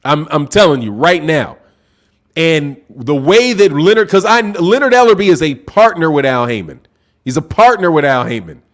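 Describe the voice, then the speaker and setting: Loud excitable high-voiced man projecting hard. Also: moderate pace. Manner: loud, projecting, excitable, says bro a lot; reads super chats aloud. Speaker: boxing channel host. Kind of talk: live-stream boxing talk. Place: home live stream, sipping drinks.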